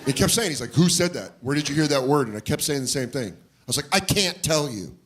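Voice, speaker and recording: Animated stand-up comedian, lively pitch. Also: male voice, fast. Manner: animated, acts out voices with big jumps in pitch. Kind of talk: stand-up storytelling. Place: comedy club stage. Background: audience laughter.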